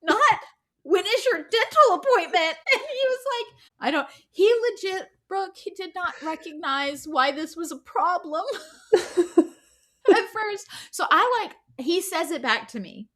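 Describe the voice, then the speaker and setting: A woman with a high voice co-hosts a podcast in casual conversation. She tells her story in a chatty way, full of "like" and "you know" and often laughing. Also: very animated, unhurried, fairly bright tone. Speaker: podcast co-host.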